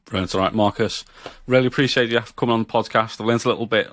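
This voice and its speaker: A man's voice: fairly low pitch, fairly even intonation, quick pace, a bit bright, no room sound. A man hosting a podcast, asking friendly, chatty questions. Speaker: podcast host. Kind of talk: casual interview hosting.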